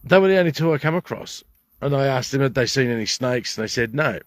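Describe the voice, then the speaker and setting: A man's voice: mid-range voice, animated, fast, no room sound. An older Australian man ranting to camera at a bush campsite, indignant and rambling, swearing heavily. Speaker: vlogger. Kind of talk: angry rant to camera.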